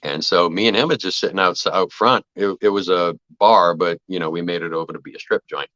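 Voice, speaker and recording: Deep-voiced man telling casual stories. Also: brisk, no echo, highs cut off. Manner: animated anecdotes, acts out quoted voices, swears freely. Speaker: actor telling set stories. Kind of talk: casual podcast storytelling.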